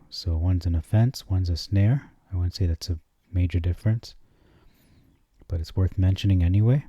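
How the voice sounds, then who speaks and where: A man hosting his own channel, comparing scripture translations on screen and reading verses slowly before commenting dryly. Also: low voice, warm tone, no echo, muffled recording. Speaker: channel host.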